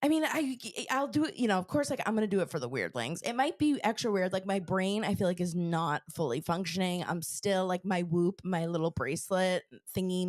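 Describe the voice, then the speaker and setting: A woman's voice: on the low side, a little mellow, dry recording, clean studio sound. A woman co-hosting a podcast in casual chat, rambling with lots of fillers while getting over an illness. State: sick, recovering. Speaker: podcast co-host. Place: Connecticut.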